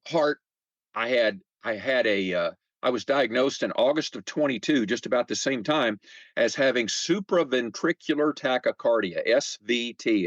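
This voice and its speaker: Animated older man in his seventies. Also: mid-range voice, no room sound, muffled recording. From United States. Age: 70s. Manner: chatty, animated, acts out quoted remarks; frequent fillers and repeated words. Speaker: podcast guest. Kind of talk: casual conversational storytelling.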